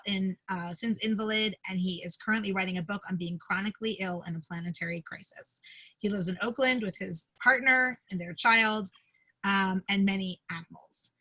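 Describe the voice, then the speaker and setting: A woman rabbi introducing a guest speaker on a video call, emotional and halting with many fillers. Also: mid-range voice, sharp tone, rough recording. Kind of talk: livestream service introduction.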